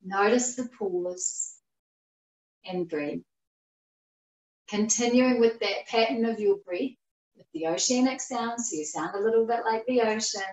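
A woman leads a guided yoga class with a slightly high voice. Her breathing cues come slowly and calmly, with long pauses between them. She sounds some distance from the mic, in an echoey room. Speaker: yoga teacher. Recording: roomy echo, voice far from the mic.

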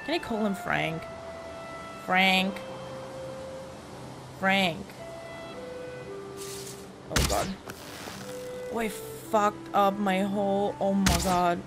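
A woman streamer talks through a survival game, swinging between panic, cursing and giggles as she begs a monster to back off. Her pitch sits in the middle of the female range and her pace is unhurried. Game music plays clearly behind her. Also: fairly even intonation. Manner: panicky, swearing, laughing, chatty with the enemy. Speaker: gaming YouTuber. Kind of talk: let's play commentary.

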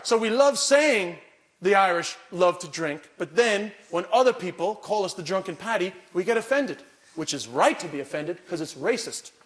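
Man, comedian, high voice, animated, mocking, stand-up routine. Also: normal speed. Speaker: comedian and documentary host.

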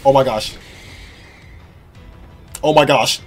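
An excitable man calls out his video game play, his pitch leaping all over the place as he jumps from mumbles to shouts. He talks in loose, joking slang over faint game music. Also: normal speed, pauses often. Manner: excitable, swings from mutters to yells. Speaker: gaming streamer. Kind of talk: let's play commentary.

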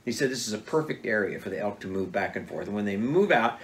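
A man's voice: on the low side, quick pace. Man, storytelling father, mid-range voice, plays out every quote with relish, a faint background hum. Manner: animated, acts out quoted dialogue. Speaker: father telling hunting stories. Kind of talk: casual storytelling interview.

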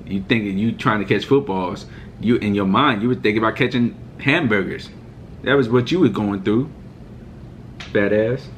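Low-voiced man ranting heatedly. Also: moderate pace, a little hiss or hum. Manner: mocking, fired-up ranting. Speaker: sports reaction vlogger. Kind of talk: heated reaction rant.

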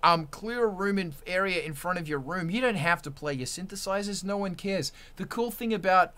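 A man with a high, bright and forceful voice, ranting on a live stream. He talks bluntly and swears constantly, fired up about making your own art. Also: expressive, normal speed, hardly any pauses. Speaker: musician hosting a live stream. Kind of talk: profane casual rant.

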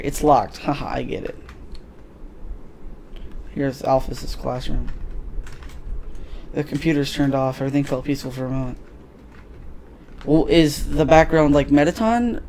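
A man's voice: on the high side, a little mellow, slight background noise. A man giving casual, crude gameplay commentary, joking and swearing as he plays. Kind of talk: casual let's play commentary.

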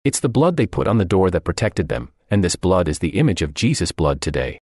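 Deep-voiced man preaching earnestly. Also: very animated, a little fast, darkish tone, dry recording, clean studio sound. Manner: earnest, emphatic preaching with repeated phrases. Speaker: voice of a translated sermon. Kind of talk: radio sermon.

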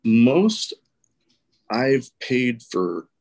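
Male podcast host, relaxed interviewer, mid-range voice. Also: mid-range voice, drawn-out words. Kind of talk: casual interview chat.

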